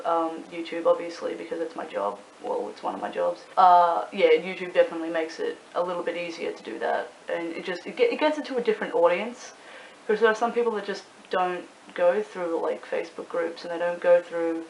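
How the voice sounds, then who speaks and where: Young aussie woman vlogging, kinda low voice, swears a lot, rambles, echoey room w/ a little hiss. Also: a little fast, a little mellow. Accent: Australian. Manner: chatty, swears freely, rambling with many fillers. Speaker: YouTuber and club promoter. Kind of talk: casual talking-to-camera vlog.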